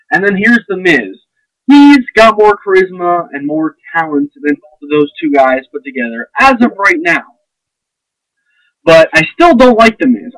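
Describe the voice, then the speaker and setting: A man's voice: fairly high pitch, a bit bright, no room sound, rough recording. A young man ranting to camera in a blunt, sarcastic, profane and rambling way. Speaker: vlogger. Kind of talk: casual ranting monologue.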